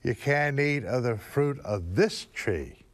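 A man voicing Eve, a sharp young woman insisting on the correct rule. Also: medium pitch, lively intonation, takes it slowly. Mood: insistent. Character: firm quick-witted young woman, Eve.

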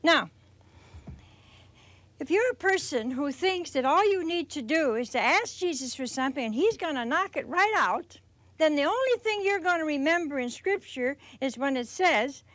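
Woman preacher, high voice, folksy, animated storytelling, acts out quotes. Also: normal speed, no room sound. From Italian heritage. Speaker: religious teacher. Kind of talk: televised sermon talk.

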